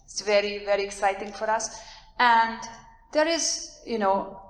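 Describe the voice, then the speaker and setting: A woman with a strong foreign accent giving an animated, plain-spoken conference talk, urging her listeners on. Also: mid-range voice, unhurried, slight background noise. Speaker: workshop speaker. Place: lecture hall. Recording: echoey hall, amplified.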